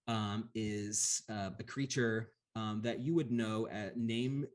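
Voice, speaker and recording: A man's voice: fairly low pitch, fairly even intonation, slow pace. A young man narrating as game master, casual and full of ums and laughs.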